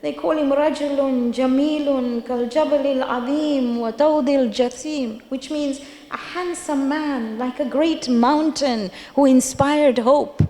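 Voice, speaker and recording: A woman's voice: sits high, fairly even intonation, takes it slowly, hardly any pauses, dark tone. A woman giving a religious lecture at a gathering, telling stories emphatically and repeating key phrases for weight. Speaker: majlis speaker. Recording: long hall reverb.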